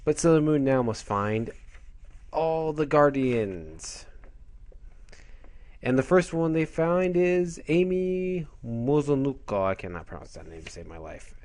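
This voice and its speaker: A man's voice: fairly high pitch, sing-song, a little slow, darkish tone. Brief: male comic reviewer, casual and rambling, keeps correcting himself. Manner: rambling, self-correcting, offhand asides. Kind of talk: casual chat.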